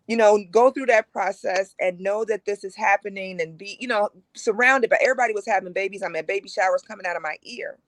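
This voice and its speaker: A woman in her forties frankly telling her own story as a guest on a broadcast talk, animated and lively in how she recounts it. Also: mid-range voice, dry recording. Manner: animated, frank, acts out quoted voices.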